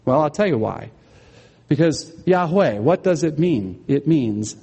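A man's voice: a little high, expressive, a little slow, mellow, husky, long reverb tail, highs cut off. A man preaching a sermon as pastor, explaining scripture and asking the congregation questions.

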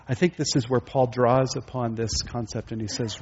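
A man's voice: mid-range voice, fairly even intonation, normal speed, few pauses, darkish tone, lo-fi sound, a little hiss or hum. A male pastor preaching a sermon, asking his listeners rhetorical questions.

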